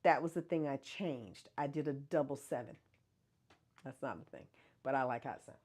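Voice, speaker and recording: A woman's voice: very deep voice, normal speed, darkish tone, husky. A woman hosting a casual livestream, chatting and answering viewer comments with frequent laughs. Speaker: host of a hair care brand livestream.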